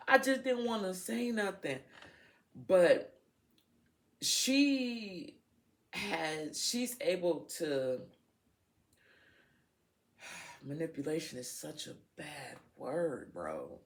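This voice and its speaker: Slow-talking, frank woman tarot reader. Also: fairly low pitch, lively intonation, gravelly, fairly bright tone. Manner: frank, swears freely, laughs, talks to her viewers. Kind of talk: casual tarot reading to camera.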